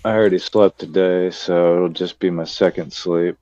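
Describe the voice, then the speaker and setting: A man's voice: low-pitched, steady tone, moderate pace, dark tone, dry recording. A tired man playing in a tabletop game, chatting in a laid-back way with plenty of filler words and some swearing. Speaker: player. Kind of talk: casual chat. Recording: dull lo-fi call audio.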